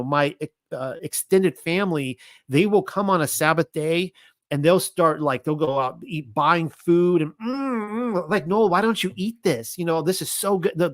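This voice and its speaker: A man giving an informal Bible teaching, reading scripture aloud and commenting on it in an excitable way. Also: fairly high pitch, dry recording.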